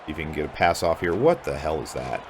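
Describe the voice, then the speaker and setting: A man's voice: a bass voice, lively intonation, fast, background noise. A young man commentating his own video game match play-by-play, sarcastic and frustrated, often swearing. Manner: frustrated, swears a lot, sarcastic, prone to angry outbursts. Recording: game music clearly heard behind voice.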